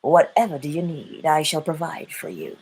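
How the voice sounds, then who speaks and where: A woman voicing the law of creation as a doting, sultry lover, with a low purring voice. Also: sing-song, normal speed, darkish tone, husky, heavily acted, poor audio.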